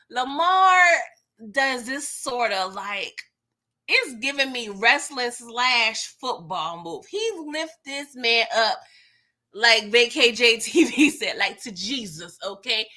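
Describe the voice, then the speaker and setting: A young woman hosts a live TV recap stream and chats casually with her viewers. Her voice is bright, forceful and a little high. She talks in a loose, slangy way and laughs often. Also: expressive, unhurried.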